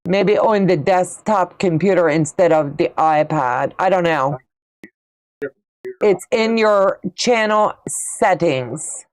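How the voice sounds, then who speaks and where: Lady chatting on a quilting stream, kinda low voice, takes her time. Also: takes it slowly. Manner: chatty, folksy, reads out and answers viewer comments. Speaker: quilting channel host. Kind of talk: casual livestream chat.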